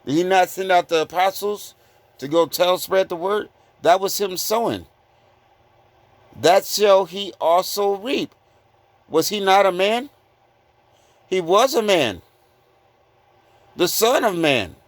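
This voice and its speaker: Man preacher, highish voice, blunt, rhetorical questions, slow verse reading, dry sound. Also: expressive, no echo. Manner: repeated rhetorical questions, "guess what?"; reads verses slowly and deliberately. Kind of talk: informal scripture teaching.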